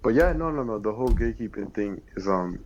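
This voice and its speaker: A teenage boy chatting casually with a friend, telling animated, slangy stories. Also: lowish voice, quick pace. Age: teens. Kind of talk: casual chat. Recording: dull lo-fi sound.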